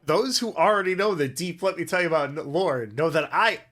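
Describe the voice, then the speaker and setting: A man's voice: fairly high pitch, lively intonation, a little fast, a bit bright. A man co-hosting a casual podcast, teasing his friend and laughing a lot. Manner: teasing, joking, laughs often. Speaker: podcast co-host. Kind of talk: casual chat.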